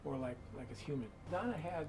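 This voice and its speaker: A man's voice: fairly high pitch, lively intonation, fairly quick, over a noisy crowd, low-quality recording. A man telling a creepy story in a conversational, dramatic way, full of asides, while guiding people through a museum room. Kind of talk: spooky storytelling.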